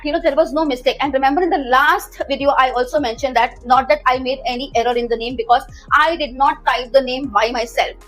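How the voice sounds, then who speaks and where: A woman's voice: high-pitched, poor audio. A woman, a travel manager telling a story from her work in an earnest, conversational way with many fillers. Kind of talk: storytime narration.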